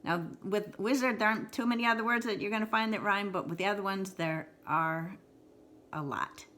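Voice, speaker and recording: Bright-voiced woman teaching syllables. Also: mid-range voice. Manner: slow, exaggerated word repetition, encouraging. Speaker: writing teacher. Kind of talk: video lesson on syllables.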